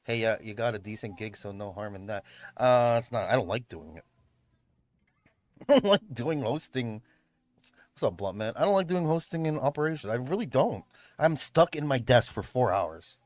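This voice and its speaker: Speaking into a streaming mic with no echo, a man who livestreams and hosts events rambles casually from his home room, cursing and laughing a lot. His mid-range voice swings widely in pitch, and he moves at a moderate pace with frequent pauses.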